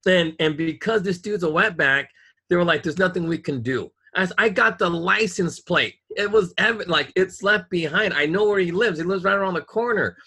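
A man's voice: high voice, normal speed, bright, forceful tone, husky. A man in casual chat, telling a story in an angry, profane rant.

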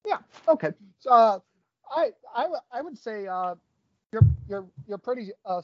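A man's voice: very high voice, animated, moderate pace, lo-fi sound. A man, a podcast guest, chatting casually about sports, rambling and restarting his phrases.

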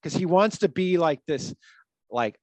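A man's voice: fairly high pitch, animated, measured pace, a little mellow, no echo. A man in casual film discussion, retelling scenes with lots of fillers and acting out the lines.

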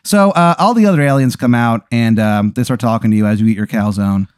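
A man of average pitch tells an improvised, rambling comic story. He speaks in a deadpan way and fills his sentences with "uh" and "like". The recording is dry and close. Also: fairly quick, smooth, no echo. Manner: rambling, deadpan, many fillers.

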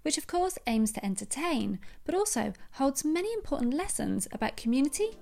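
A woman reading a scripted introduction of the next guest in a clear, read-aloud delivery. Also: high voice, sing-song, a little fast, dark tone. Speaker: podcast host introducing a guest.

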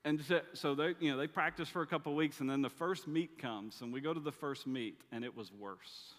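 A man's voice: a little high, a little fast, fairly bright tone. A middle-aged man preaching a sermon, telling family stories with dry humor in a conversational way. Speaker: pastor. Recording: long reverb of a large hall.

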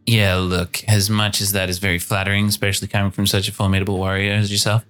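A man voicing a level-headed gnome companion, deep-voiced. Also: little pitch movement, quick pace, fairly bright tone, faint music behind, close to an everyday voice. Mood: concerned. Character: cautious male gnome companion, reasoning.

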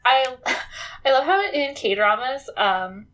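A woman co-hosting a casual chat recapping a TV drama, telling the story in a relaxed way with frequent laughs. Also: sits high, takes it slowly. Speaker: podcast co-host.

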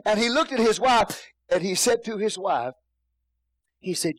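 Guy pastor preaching in church, kinda high voice, keeps saying hallelujah. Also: moderate pace, pauses often, dry recording, rough recording. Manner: preacherly, repeats phrases, exclaims hallelujah. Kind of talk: sermon.

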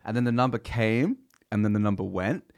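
A man hosting a casual podcast, telling stories in an animated, swearing way while drinking beer. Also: on the low side, brisk, no room sound, studio quality. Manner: animated storyteller, swears freely. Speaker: podcast host.

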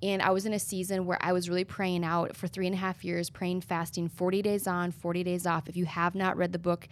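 A woman's voice: lowish voice, flat delivery, a little fast. A young woman, a guest in an interview, telling her testimony in an earnest, preacherly way.

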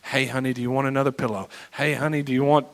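A male preacher acting out a husband gently fussing over his pregnant wife. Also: mid-range voice, steady tone, fast, voice pushed down, natural voice. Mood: coaxing.

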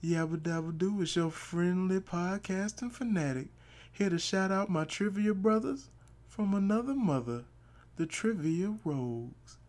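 Goofy guy doing a podcast shoutout promo, over the top. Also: high voice, measured pace. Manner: playful, hammy.

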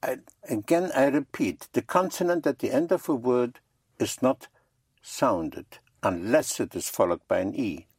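A man's voice: medium pitch, lively intonation, a little slow, darkish tone, slightly rough, dry recording, clean studio sound. A man teaching a class in a patient manner, repeating and spelling out words for his learners. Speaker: French teacher.

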